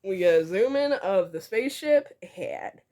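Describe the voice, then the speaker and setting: A young adult woman reading aloud from a comic she drew as a child, giggling often and gently poking fun at herself. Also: mid-range voice, lively intonation, moderate pace. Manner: giggly, breaks into laughter often; playfully self-mocking. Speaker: vlogger.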